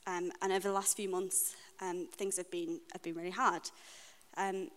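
A woman with a British accent giving a sermon in a church, speaking in an earnest, personal and reflective way with frequent pauses. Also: fairly low pitch, level tone. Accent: British English. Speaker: preacher. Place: church hall. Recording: long reverb of a church hall.

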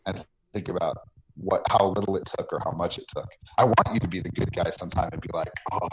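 Over a noisy line, a man interviewed on a podcast about his work as a game designer talks earnestly, finishing points with "right?". He has a deep, steady voice and a quick pace.

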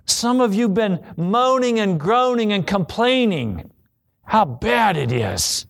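A male preacher with a high-pitched voice delivers a slow, deliberate sermon. He acts out desperate prayers and quoted voices with drama. He sinks his voice low for repeated refrains. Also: sing-song, vocal fry.

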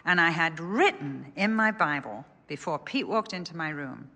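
A woman's voice: low-pitched, lively intonation, moderate pace, few pauses, pushed and bright. An older woman telling an earnest personal story in a sermon. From England. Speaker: speaker. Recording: echoey hall.

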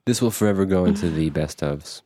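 A man's voice: deep voice, fairly quick, warm tone, no echo. A man co-hosting a podcast, teasing the others and moving the chat along. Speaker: podcast co-host steering the talk. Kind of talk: casual chat.

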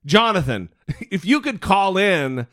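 A man's voice: high voice, takes it slowly. A man co-hosting a casual podcast, joking and swearing freely. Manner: profane, joking, animated. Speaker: podcast co-host.

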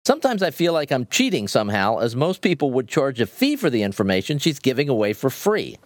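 Male co-host, animated delivery, cheerful, dry studio sound. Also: medium pitch, brisk, dry recording. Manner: upbeat, reads listener reviews aloud. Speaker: podcast co-host. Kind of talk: casual podcast chat.

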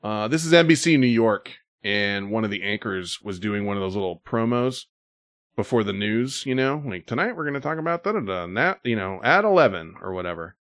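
A man's voice: on the low side, moderate pace, a bit bright, no room sound. A man hosting a podcast in easygoing casual chat. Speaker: podcast host.

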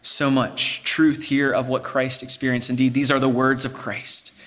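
A man's voice: mid-range voice, flat delivery, normal speed, fairly bright tone. A man preaching a sermon as pastor, earnest and explanatory, building emphasis as he goes.

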